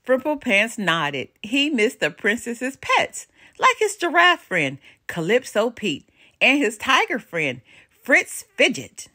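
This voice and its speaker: An older woman reads a children's picture book aloud, her voice bright and lively as it swings through the story. She tells it with animated expression and well-placed dramatic pauses, pitched a touch high.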